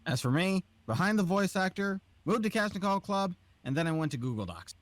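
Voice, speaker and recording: A man on a casual podcast call, chiming in with quick short remarks. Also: sits high, very animated, no echo. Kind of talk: casual group chat on a call.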